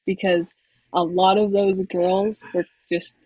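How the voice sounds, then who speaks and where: Woman, basketball coach, husky, soft-spoken, casual talk, dry recording. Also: medium pitch, level tone, takes it slowly, dry recording, low-quality recording. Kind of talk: casual conversation.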